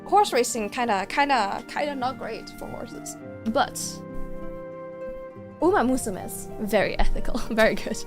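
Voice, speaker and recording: A woman's voice: fairly high pitch, lively intonation, measured pace, over music. A young woman streaming games, chatting casually and gushing to her chat with giggles.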